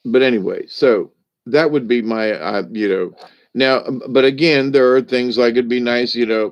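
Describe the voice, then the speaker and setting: A man's voice: medium pitch, normal speed, no echo. An older man rambling through a casual monologue, joking and laughing often as he talks. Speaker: spiritual vlogger. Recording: dull lo-fi, dry.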